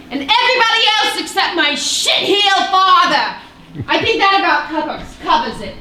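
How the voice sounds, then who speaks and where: An actress playing a feisty sixteen-year-old daughter on a live stage, sarcastic and scornful with rapid outbursts. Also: female voice, high-pitched, fairly bright tone, slight background noise. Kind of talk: live stage play acting. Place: theater stage. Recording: echoey stage from far off, faint ambience.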